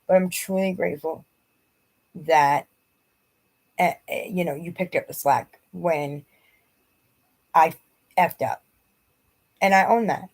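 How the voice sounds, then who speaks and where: Gravelly-voiced woman in her forties venting. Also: on the low side, takes it slowly, long pauses. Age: 40s. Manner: rambling, restarting, venting. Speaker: vlogger. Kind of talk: emotional personal vlog.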